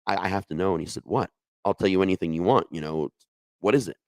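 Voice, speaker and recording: A middle-aged man with a deep, low voice tells a true ghost story from his own life. He speaks casually but with feeling, often backing up and restarting his sentences. The recording is dry and close, with no room echo. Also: fast talker. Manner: conversational, emotional, with many restarts and asides.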